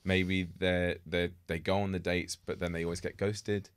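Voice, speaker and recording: A man's voice: deep voice, flat delivery, normal speed, clean tone, dry recording. A young man co-hosting a casual podcast, chatty and self-deprecating, admitting he overthinks things. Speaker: podcast co-host. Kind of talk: casual chat. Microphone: studio podcast mic.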